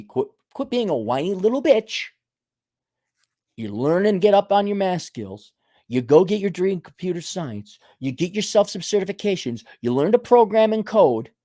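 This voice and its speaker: A man's voice: high voice, dark tone, no room sound, clean studio sound. A man hosting his own show, ranting bluntly and scolding listeners, mocking their excuses in put-on voices. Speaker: host. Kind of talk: ranting monologue.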